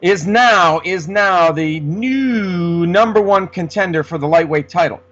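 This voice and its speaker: A man's voice: high voice, measured pace, a bit bright. Rambling man, lo-fi. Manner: rambling, many restarts. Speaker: podcast co-host. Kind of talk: casual sports chat. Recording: dull lo-fi sound.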